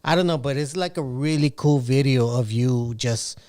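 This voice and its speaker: A man co-hosting a podcast in casual chat, relaxed and teasing. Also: mid-range voice, normal speed, no echo, clean studio sound.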